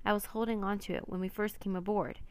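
Woman voicing a young boy, earnest, anxious, storybook reading, gravelly edge. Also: medium pitch, level tone, fast talker, lightly acted. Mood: frantic.

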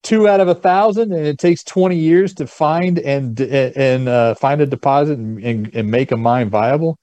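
A man with a mellow, dark voice talks as a podcast guest, blunt and quick to chuckle. He goes through figures in a casual, offhand way. The recording is dry and close. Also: mid-range voice, dry recording. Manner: chuckles often, blunt, walks through charts. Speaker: guest financial expert.

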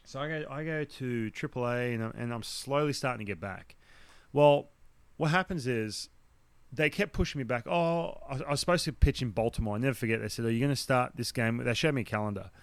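A man's voice: medium pitch, a little fast, clear, resonant tone, no room sound. A man from Australia with an Australian accent, a guest telling a story in casual chat. He acts out what other people said, blunt and swearing now and then. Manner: animated, acts out the dialogue of others. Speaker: podcast guest, former baseball pitcher.

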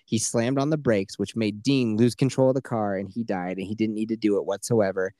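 A man's voice: fairly low pitch, steady tone, brisk, dark tone, no echo. Man, 30s, podcast co-host. Casual, swearing storyteller who slips into quoted voices. Dry, close mic. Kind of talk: casual chat.

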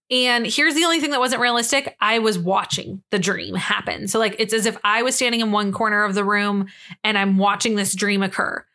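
A young woman co-hosting a podcast, telling a story in an animated, casual way, swearing freely and acting out the quotes. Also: fairly high pitch. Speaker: podcast co-host.

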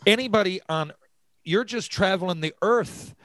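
A man from Newfoundland hosting a casual interview, excitable and quick to jump in with asides. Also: sits high, no room sound. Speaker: podcast host.

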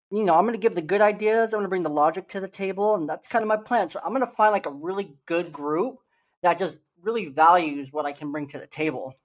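A man's voice: high-pitched, dull audio. A young man co-hosting a casual podcast, upbeat and joking about himself, doing the ad reads in a salesy way. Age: young adult. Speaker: podcast co-host. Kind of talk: casual podcast chat and ad read.

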